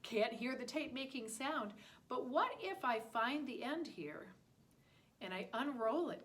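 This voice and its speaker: A woman's voice: on the high side, lively intonation, measured pace, a bit bright, a little hiss or hum. A woman teaching a listening lesson to preschool children, talking in an exaggerated, sing-song way.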